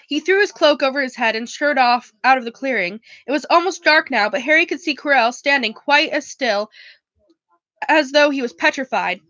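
Young woman, book club reader, high and bright, dry close sound, casual read-aloud with frequent stumbles. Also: moderate pace, no room sound, highs cut off. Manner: stumbles and restarts often, chatty asides.

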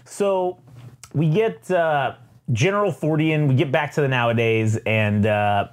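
A man's voice: mid-range voice, measured pace. A man co-hosting a podcast, casually recapping a comic in a rambling, profane way. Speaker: podcast co-host. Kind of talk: casual chat.

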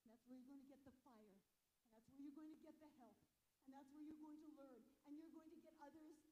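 An older woman giving a passionate sermon as guest speaker, fervent and rising to loud exhortation. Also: sits high, steady tone, fairly quick, a little hiss or hum, poor audio.

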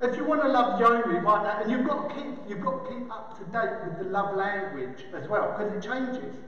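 Brief: a male pastor with a very high voice, playful and animated, recorded from far off. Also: moderate pace. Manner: animated, joking, imitates animal noises. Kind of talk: sermon. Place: large church hall. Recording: echoey hall, distant, dull.

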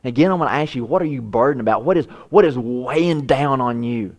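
A man preaching a sermon, voice rising high when he acts out prayers and dropping low and soft for quiet lines. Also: a little fast. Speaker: pastor.

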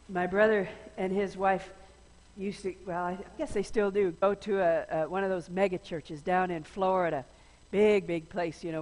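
A woman's voice: on the low side, a little mellow. A woman pastor giving a conversational sermon, chatty and informal, with frequent restarts. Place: large church sanctuary. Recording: long church reverb.

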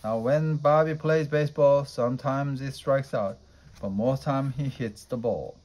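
A man reading a children's story aloud in a steady, plain way. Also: medium pitch, measured pace, rough recording. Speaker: storybook reader.

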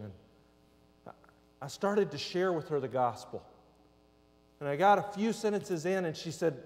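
Pastor in his forties, animated storyteller. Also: high-pitched, normal speed, long pauses. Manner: animated storyteller acting out dialogue. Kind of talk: storytelling sermon. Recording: long reverb of a large hall.

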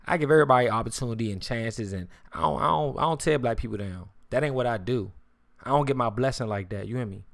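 Dry-voiced streamer ranting, swearing freely. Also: male voice, medium pitch, fast talker, vocal fry, dry recording. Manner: repetitive, keeps saying "you hear me", swears freely; slang-heavy street talk. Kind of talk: casual live-stream rant.

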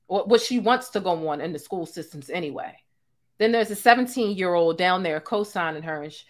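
A young adult woman hosting a live-stream, ranting in a sassy, profane, animated way with asides to her chat. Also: on the low side, brisk. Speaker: host.

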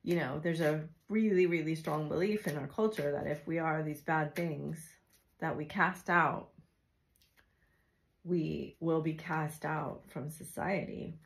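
Tarot reader, woman, low and creaky, loose chatty delivery full of asides. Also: steady tone, measured pace, noisy background. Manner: chatty and intuitive, with frequent fillers and asides. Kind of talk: casual tarot love reading.

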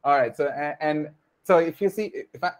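A young man with a slightly high voice teaches children in an online class over a video call, speaking a little fast. He explains patiently, repeats his points, and uses many fillers.

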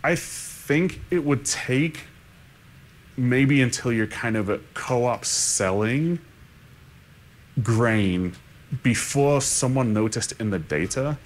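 A man's voice: medium pitch, animated, slow pace. A man speaking on a conference panel, thinking aloud with restarts and frequent "right?" tags. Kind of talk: unscripted panel discussion.

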